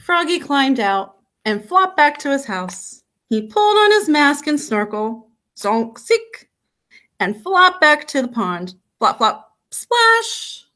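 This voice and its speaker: A woman teacher reads a picture book aloud to children in a slow, unhurried style. Her high voice leaps up and down, and she gives the sound effects a playful punch. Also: very animated, sharp tone. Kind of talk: storybook read-aloud.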